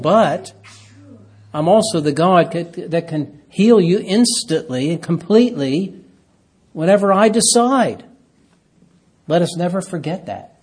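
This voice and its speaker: A man preaching a sermon, reading scripture aloud and swinging between hushed, slow phrases and raised, emphatic ones. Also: medium pitch, slightly rough. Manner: preaching with dramatic swings from hushed to loud, stretching key phrases.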